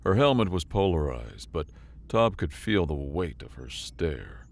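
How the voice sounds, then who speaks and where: A man reading a sci-fi story as narrator, with dramatic, expressive delivery. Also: low-pitched, unhurried, vocal fry.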